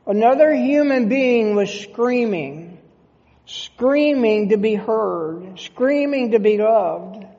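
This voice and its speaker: A pastor delivers an earnest sermon at an unhurried pace, their voice carrying a gravelly edge. They stumble and restart phrases as they go. The dull recording carries the long reverb of a church sanctuary. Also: medium pitch, lively intonation, mellow. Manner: earnest, halting, with frequent restarts.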